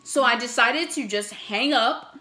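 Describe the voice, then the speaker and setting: A woman's voice: on the high side, unhurried, pushed and bright. A young adult woman vlogger telling a story in a chatty, casual way, swearing freely and acting out what people said. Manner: chatty, swears a lot, acts out quotes. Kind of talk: casual storytelling while eating. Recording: echoey room with faint music.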